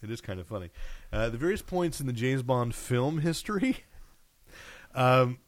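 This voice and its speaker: A man's voice: medium pitch, a little slow, no echo. A man hosting a podcast, chatting casually and rambling through comic news with lots of fillers. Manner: rambling, animated retelling with filler words. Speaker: podcast host. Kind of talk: casual chat.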